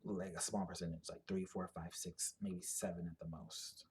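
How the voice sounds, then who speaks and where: A man's voice: deep voice, level tone, moderate pace, a little mellow, a little hiss or hum. A man giving a casual explanatory monologue, rambling and thinking aloud with many fillers and restarts. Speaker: commentator on genetic ancestry.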